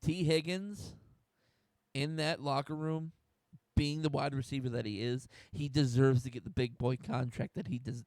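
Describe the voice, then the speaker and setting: A man's voice: medium pitch, fairly even intonation, normal speed, darkish tone, no room sound, studio quality. A young man from the United States hosting a solo sports talk stream, getting fired up, swearing and restarting his sentences. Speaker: host.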